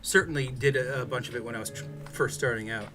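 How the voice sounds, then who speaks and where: A man's voice: medium pitch, steady tone, quick pace. Rambling man, music behind. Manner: rambling, many fillers and restarts. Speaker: streamer. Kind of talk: casual stream chat.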